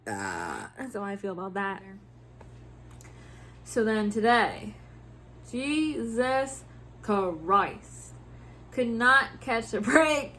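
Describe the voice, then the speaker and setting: A woman vlogger venting about her workday in animated, profane casual talk, laughing often. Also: fairly high pitch, takes it slowly, long pauses, slight background noise. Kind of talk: casual venting about work over a drink.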